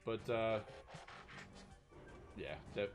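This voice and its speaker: A man's voice: on the low side, extremely slow, faint music behind. A man hosting a live stream, chatting casually about toy news and reading out chat questions, rambling with many restarts. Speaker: stream host.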